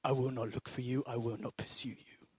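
A man putting on the voice of a calm, menacing middle-aged ex-agent father, speaking in a low, slow, threatening whisper. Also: slightly rough, no echo, close to an everyday voice. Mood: coldly menacing.

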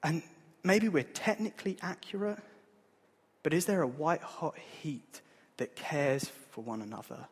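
A man, preaching a sermon in an earnest, conversational way, with a husky voice. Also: a little high, sing-song, a little slow. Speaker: pastor. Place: church hall. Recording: long hall reverb.

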